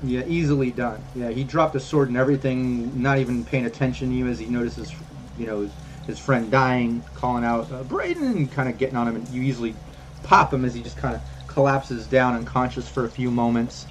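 A man running a tabletop game as game master, talking in a relaxed, rambling way with many fillers. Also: mid-range voice, fairly quick, slight background noise.

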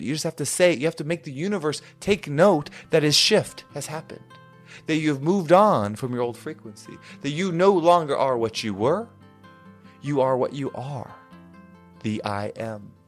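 A man hosting a motivational podcast, speaking in an earnest, emphatic and repetitive way. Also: mid-range voice. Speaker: podcast host. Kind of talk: motivational monologue. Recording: faint music underneath.

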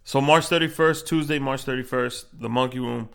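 Gravelly-voiced man hosting a podcast. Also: medium pitch, fairly even intonation, moderate pace, a bit bright. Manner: laid-back, plugging show details. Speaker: podcast host. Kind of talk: casual chat.

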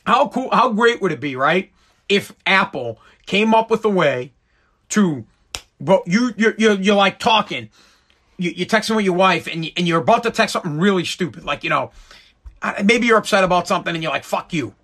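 A man with a radio background, talking in an animated, emphatic rant and swearing freely. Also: high-pitched, normal speed. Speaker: radio personality. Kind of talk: casual profane rant.

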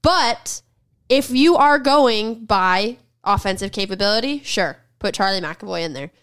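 Assertive woman, smooth clear voice. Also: mid-range voice, lively intonation, a little slow, fairly bright tone. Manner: assertive and blunt, pushes back with firm opinions. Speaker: podcast co-host. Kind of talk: casual sports debate chat.

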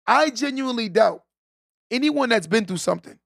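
A man's voice: very high voice, expressive, moderate pace, vocal fry, a bit bright, no room sound, clean studio sound. A man hosting a live stream, giving a preachy motivational talk to his viewers, repeating his key lines and often tagging them with "right?". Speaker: podcast host on a live stream.

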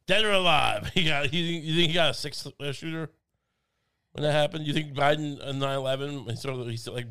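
A man's voice: fairly high pitch, normal speed, pauses often, bright, forceful tone, clean tone. A young man co-hosting a casual comedic podcast chat, rambling with stammered restarts and silly put-on voices. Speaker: podcast co-host.

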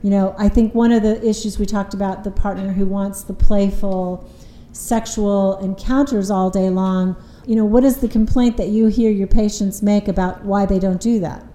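A woman's voice: mid-range voice, steady tone, normal speed, warm tone, reverberant, rough recording. A woman couples therapist explaining relationship patterns in an earnest, conversational way, often retelling what her clients said.

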